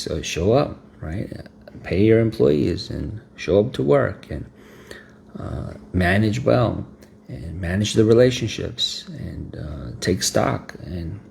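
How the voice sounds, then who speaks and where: A man with a fairly low, gravelly voice preaches a sermon. He is emphatic and conversational, repeats himself for effect and keeps asking "right?". Faint ambient noise sits behind him. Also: dark tone.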